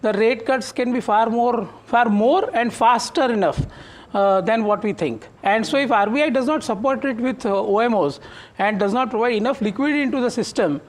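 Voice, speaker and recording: A man's voice: very high-pitched, normal speed. An Indian-accented man, a fund manager in a studio TV interview, talking with many fillers and restarts. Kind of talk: live market TV interview.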